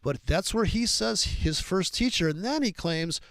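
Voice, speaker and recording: A man's voice: sits high, lively intonation, moderate pace, creaky, a bit bright, no echo. Rambling man, dry close sound. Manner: rambling, stumbling restarts, profane. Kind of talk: casual chat.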